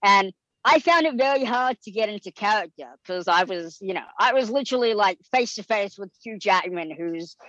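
A man's voice: sits high, moderate pace, dry recording, poor audio. A man telling stories as a guest in a casual interview. He is chatty and fills his talk with "like" and "um". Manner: chatty, frequent "like" and "um" fillers, lively retelling. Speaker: guest actor.

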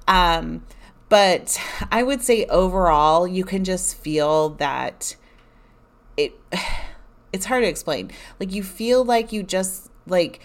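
Low-voiced woman telling a casual story. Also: animated, takes it slowly. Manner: chatty and candid, often exasperated. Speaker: vlogger recounting a theme park trip.

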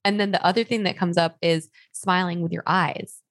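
A young woman with a fairly low, gravelly voice co-hosts a podcast in a relaxed, chatty way. She tells stories freely and peppers them with fillers. The recording is close and dry. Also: normal speed, no room sound. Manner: chatty, storytelling with many likes. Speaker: podcast co-host. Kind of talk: casual chat.

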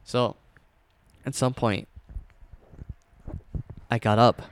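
A young man casually telling a scary personal story, rambling with fillers and restarts, dropping to a hush at tense moments. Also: medium pitch, level tone, drawn-out words, a little hiss or hum.

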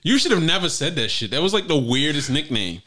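A man co-hosting a casual podcast, loud, joking and profane. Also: a little high, very animated, brisk. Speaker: podcast co-host. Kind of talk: casual chat.

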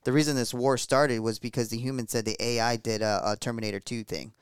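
A man co-hosting a podcast, calmly summing up a film's ending with fillers. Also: medium pitch, fast, smooth, no room sound, studio quality. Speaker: podcast co-host. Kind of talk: casual chat.

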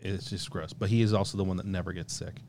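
A man's voice: low-pitched, fairly even intonation, fast talker, a little mellow, a little hiss or hum. A young man, a coworker guest on a podcast, telling self-deprecating stories in casual chat. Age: young adult.

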